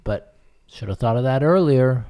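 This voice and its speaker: A man's voice: mid-range voice, lively intonation, moderate pace, dark tone, smooth. A man co-hosting a podcast in casual chat, blunt and emphatic, swearing freely. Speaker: podcast co-host.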